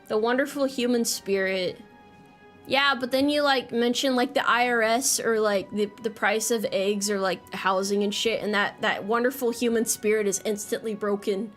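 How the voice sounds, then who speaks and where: A young adult woman streaming casually, joking and rambling with frequent swearing and quick laughs, reading chat from a home desk mic. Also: fairly high pitch, a bit bright, soft background music. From United States. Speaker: VTuber streamer.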